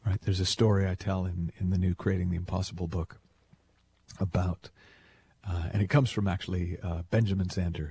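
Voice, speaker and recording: Deep gravelly male radio host. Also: slight background noise. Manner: playful storytelling, animated asides. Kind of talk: conversational radio monologue.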